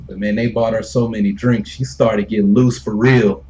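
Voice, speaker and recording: A man's voice: fairly low pitch, steady tone, normal speed, darkish tone, rough recording. A man streaming a game and casually telling a story with loose, laid-back talk, swearing freely and chuckling between lines. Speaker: gaming streamer.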